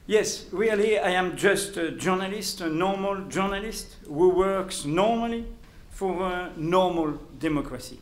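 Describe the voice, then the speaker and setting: A man with a French accent, speaking in English as a journalist giving a prepared lecture, in a deliberate and emphatic manner. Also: sits high. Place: lecture hall. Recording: roomy hall sound, faint ambience.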